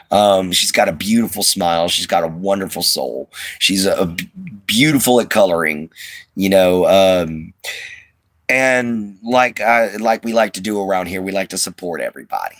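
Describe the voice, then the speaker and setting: Low-voiced Southern man chatting easily. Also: fairly bright tone, no echo. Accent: Southern US twang. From Southern United States. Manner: rambling, easygoing, many fillers and restarts. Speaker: livestream host. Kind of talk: casual chat to viewers. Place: inside an RV.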